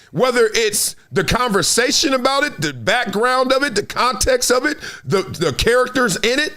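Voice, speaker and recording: A middle-aged former football player hosts his own sports talk show, arguing his points emphatically and conversationally. His voice sits high for a man and jumps around with lively swings in pitch. He keeps checking in with the listener and stacks repeated "no"s for effect. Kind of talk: animated solo commentary.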